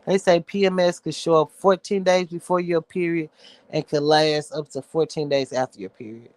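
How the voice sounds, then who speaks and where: A man's voice: on the high side, fairly even intonation, normal speed, darkish tone, dry recording. A man hosting his own show, ranting casually in a blunt, sassy, heavily profane way. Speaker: show host. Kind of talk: casual livestream rant.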